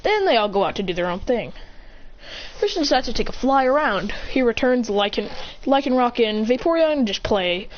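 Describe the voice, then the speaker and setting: A high-voiced woman narrates a homemade adventure tale, rambling and restarting her sentences. Her pitch rises and falls a lot. The recording is a little muffled, with faint hiss underneath. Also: sing-song, a little fast. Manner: rambling, self-correcting, breathless. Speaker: storyteller. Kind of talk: improvised fan story narration.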